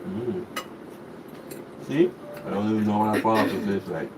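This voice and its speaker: A man's voice: lowish voice, normal speed, recorded from a distance, background noise. A man co-hosting a home cooking channel, laid-back and jokey, chatting between bites at dinner. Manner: laid-back, jokey, talks with food in mouth. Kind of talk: casual chat while eating.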